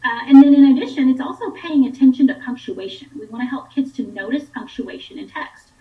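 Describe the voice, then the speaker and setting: A woman's voice: high voice, expressive, brisk, roomy sound, distant mic, narrow, tinny audio. A woman instructional coach patiently explaining reading skills to parents. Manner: patient, clear teacherly explaining.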